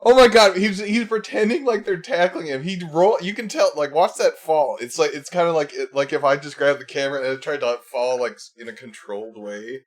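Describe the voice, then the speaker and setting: A man's voice: fairly high pitch, a little fast, hardly any pauses. A man streaming live, reacting to a video with mocking, profane commentary and frequent laughter.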